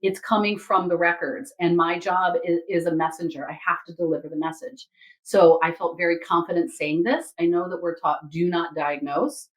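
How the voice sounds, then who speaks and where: A woman who reads Akashic Records, telling a story from a session in a casual, animated way and acting out the people in it. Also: lowish voice, moderate pace, low-quality recording. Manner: animated, quotes others and herself in lively asides.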